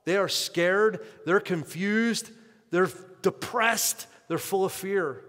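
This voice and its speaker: A male pastor preaching an impassioned sermon in a fairly high voice. His delivery surges loud and slow on key phrases, then falls back to a low hush. A long church-hall reverb trails every line. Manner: impassioned preaching with sharp swings in loudness and pace.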